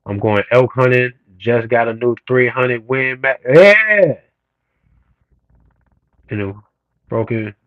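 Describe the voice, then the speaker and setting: A man talks straight into his stream at an ordinary middle pitch, swearing freely as his rant heats up. The sound is dry and close, with no room echo. He comes across blunt and worked up as he addresses his chat. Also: takes it slowly, pauses often, a bit bright, muffled recording. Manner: profane, blunt, heated rant with rising emphasis. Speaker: streamer reading comments. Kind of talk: casual livestream rant.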